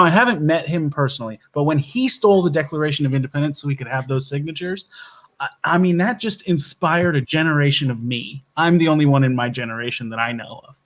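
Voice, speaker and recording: Slightly high naive guy played by a man, eager and hesitant, improv comedy. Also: a bit bright.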